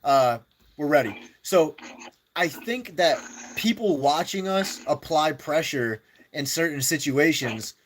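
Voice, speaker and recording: A man's voice: on the high side, slow pace, a little hiss or hum. Chatty male gaming streamer, rambling. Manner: rambling, many fillers and restarts. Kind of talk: casual strategy chat.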